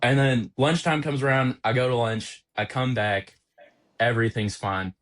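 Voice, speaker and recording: A young man on a podcast, an auto technician telling an animated, exasperated story about a workplace prank. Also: medium pitch, normal speed. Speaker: podcast co-host, automotive technician. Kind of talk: casual storytelling chat.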